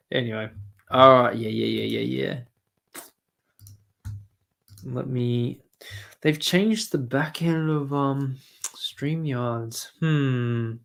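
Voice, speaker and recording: A man's voice: mid-range voice, extremely slow, creaky, long pauses, fairly bright tone. A man with an Australian accent chatting and ranting casually on a stream, swearing often. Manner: ranting, swearing, mumbling asides. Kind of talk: casual profane stream chat.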